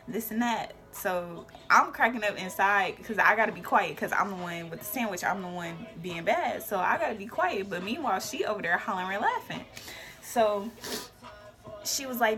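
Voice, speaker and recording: Young woman, casual storytime, animated delivery, music behind. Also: mid-range voice, moderate pace. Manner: animated storytelling with whispered asides and shouted quotes. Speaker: vlogger.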